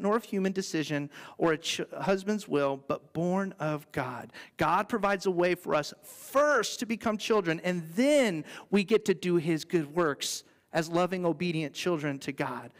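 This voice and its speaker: Man, pastor, sermon, high voice, conversational and earnest, playful asides, echoing church hall. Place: church sanctuary. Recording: long reverb in a church hall.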